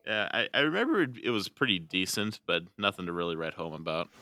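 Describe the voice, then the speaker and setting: Deep-voiced man in casual chat. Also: sing-song, sharp tone, a little hiss or hum. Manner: halting, restarts often, laughs easily. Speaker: podcast co-host.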